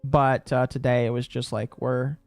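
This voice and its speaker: A man in his late twenties chats casually on a stream, answering chat while rambling, chuckling and correcting himself. His voice is a little high, at normal speed, with no echo and faint music behind him.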